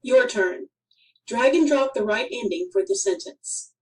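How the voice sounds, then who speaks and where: A woman reading a grammar lesson for children aloud, in a careful, deliberate way with clear pauses. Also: on the high side, expressive, recorded from a distance, poor audio. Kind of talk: slow scripted instructional narration.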